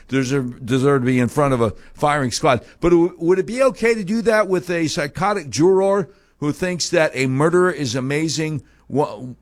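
A man hosting a talk show, delivering a heated, sarcastic opinion monologue full of mocking rhetorical questions. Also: fairly high pitch.

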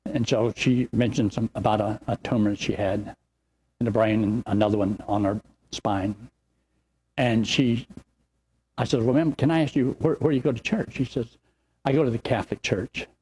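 An older pastor with a drawl rambles warmly through a story-filled sermon. His voice has a husky, slightly rough edge at a middle pitch, and he tells his tales in an animated, folksy way. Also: moderate pace.

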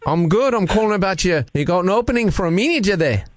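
Guy putting on a cheesy fake aussie accent, pushy n cheery, highish voice, dry close sound. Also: animated, measured pace, a little mellow, dry recording. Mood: pushy cheerful. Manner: pushy, cheerful, overplayed folksy slang. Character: man faking a hammy Australian accent. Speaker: prank caller.

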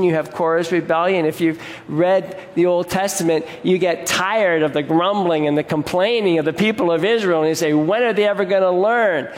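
Male pastor, slightly high voice, earnest sermon delivery with restarts, long hall reverb. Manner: earnest, repeats and restarts words, asks the congregation questions.

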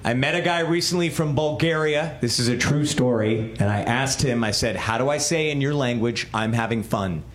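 A man doing a stand-up comedy set with a wry, deadpan delivery, recorded live in a club. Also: mid-range voice, moderate pace, few pauses, reverberant.

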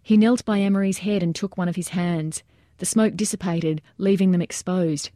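A woman narrating a nonfiction war account in a measured, steady audiobook style. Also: lowish voice, no echo, studio quality. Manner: measured, steady storytelling that raises its voice for shouted quotes.

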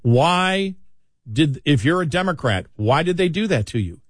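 A slightly high-voiced man runs a talk radio segment, sarcastic and mocking as he talks politics. The sound is dry and close, with no room around it. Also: big pitch swings, unhurried, no room sound. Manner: sarcastic, mocking, mimics others.

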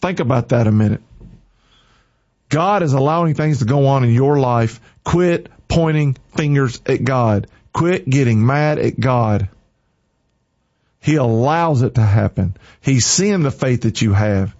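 A man's voice: medium pitch, animated, measured pace, a little mellow. Fervent man preaching, lo-fi sound. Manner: fervent, punchy repeated exhortations. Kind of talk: informal exhortation sermon. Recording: slightly dull lo-fi recording.

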